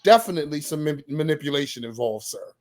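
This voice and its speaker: A man with a New York accent in casual podcast chat, his voice sitting a little high. He talks in an easygoing way and keeps his co-host going with quick agreement. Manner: relaxed, agreeable, chimes in with short replies.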